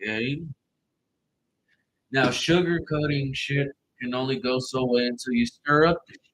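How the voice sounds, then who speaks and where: A man's voice: mid-range voice, a little slow, fairly bright tone, slight background noise, poor audio. A man giving a casual online tarot reading, blunt and profane, with loose, rambling phrasing. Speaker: tarot reader.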